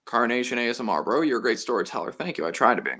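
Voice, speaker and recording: A man hosts his own live stream, telling stories to the viewers in a loose, chatty way. His pitch swings widely as he acts out both sides of each exchange. His voice has a bright, forceful edge, and he swears without a second thought. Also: animated, racing. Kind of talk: casual storytelling to chat.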